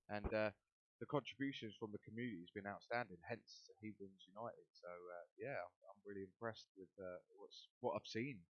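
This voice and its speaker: A man's voice: fairly low pitch, no room sound. A man co-hosting a podcast in casual chat, rambling with many fillers. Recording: dull lo-fi sound.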